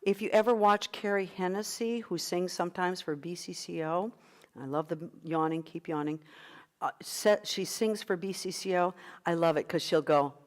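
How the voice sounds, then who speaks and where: A woman's voice: lowish voice, moderate pace. Woman vocal coach guiding breathing. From United States. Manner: guiding breathing exercises, encouraging. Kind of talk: online vocal workshop.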